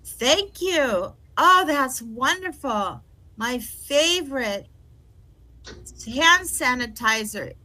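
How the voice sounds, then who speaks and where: A woman's voice: sits high, lively intonation, drawn-out words, bright, forceful tone. A woman improvising a fussy, prim airplane passenger. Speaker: improv performer.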